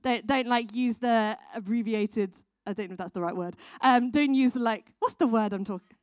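Recorded in clean studio sound with no room sound, a children's worker speaks at normal speed in a slightly mellow voice on the high side. She gives church volunteers a casual, chatty training talk, full of ums and restarts.

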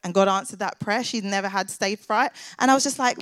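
A woman's voice: fairly high pitch, quick pace, few pauses, fairly bright tone, no echo. Woman in her twenties, church worker, chatty testimony, dry close sound. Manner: earnest, chatty, lots of filler "like"s. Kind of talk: personal faith testimony.

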